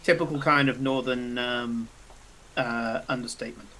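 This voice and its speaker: A man's voice: mid-range voice, steady tone, moderate pace, bright, forceful tone, slight background noise, poor audio. A man with an Oxfordshire-tinged English accent, chatting casually as a player at a game table, stumbling and repeating words.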